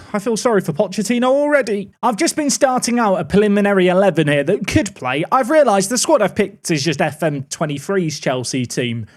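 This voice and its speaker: A man's voice: high voice, lively intonation, brisk. A man giving casual, wry running commentary while playing a management game, thinking aloud as he goes. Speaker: gaming YouTuber.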